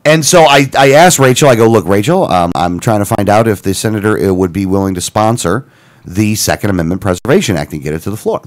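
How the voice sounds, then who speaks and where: A man co-hosting a radio talk show, telling a story in a casual, animated way, acting out both sides of a phone call. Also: fairly low pitch, fast. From Florida. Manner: animated, retelling phone calls with quoted dialogue and self-corrections.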